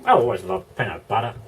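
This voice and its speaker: Slow-talking australian man, chuckling vlogger. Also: on the low side, recorded from a distance, slight background noise. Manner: chuckling, rambling, thinking aloud. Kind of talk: casual vlog chat. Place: indoor room.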